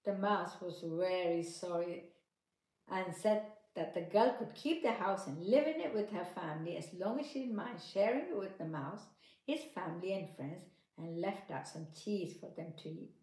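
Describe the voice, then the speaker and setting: A woman's voice: fairly low pitch, moderate pace, a little mellow. Woman reading a children's story aloud. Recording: echoey room.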